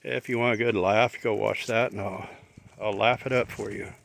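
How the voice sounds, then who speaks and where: Gravelly low-voiced middle-aged man vlogging. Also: steady tone, normal speed, fairly bright tone. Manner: opinionated, rambling, plain-spoken. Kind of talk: casual rambling vlog monologue. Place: outdoors, walking his dog.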